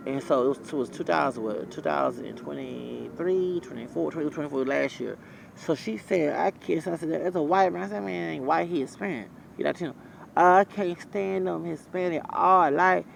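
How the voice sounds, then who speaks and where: A man's voice: a little high, brisk, vocal fry, a little mellow, a little hiss or hum, rough recording. A man telling a rambling, profane story in a blunt, casual way, recorded outdoors. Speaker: vlogger.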